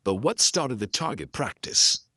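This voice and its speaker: A man's voice: medium pitch, big pitch swings, measured pace, bright, forceful tone, breathy edge, no echo, clean studio sound, exaggerated voice. A man voicing a wry, probing police lieutenant in a pulp detective audiobook. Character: dry, questioning male police lieutenant.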